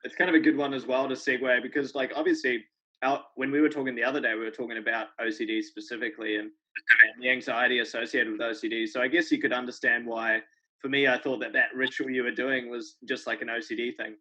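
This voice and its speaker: A man's voice: medium pitch, level tone, fast, sharp tone, highs cut off. A man hosting a podcast, talking in a laid-back way with fillers like "kind of" and "like". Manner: laid-back, easily laughing, uses filler phrases. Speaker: podcast host. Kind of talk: casual interview chat.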